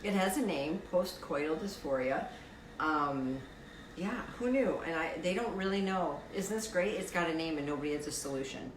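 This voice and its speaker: A woman with a deep, raspy voice hosting a casual live stream, reading out fun facts and viewer comments in a wry, playful way, swearing freely. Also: animated, moderate pace, echoey room, a little hiss or hum, poor audio.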